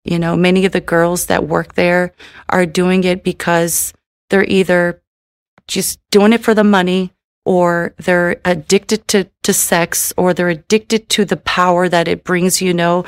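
A woman's voice: lowish voice, little pitch movement, measured pace, smooth, no echo, studio quality. A middle-aged woman giving an emotional personal testimony in a tearful manner, with many repeated "you know"s. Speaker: testimony speaker.

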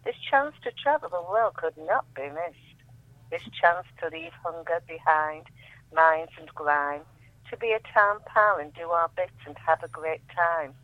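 A woman guest reading her own poetry aloud in a measured, dramatic way, often dropping almost to a whisper. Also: deep voice, animated, no echo. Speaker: guest poet. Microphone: telephone. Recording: tinny phone line.

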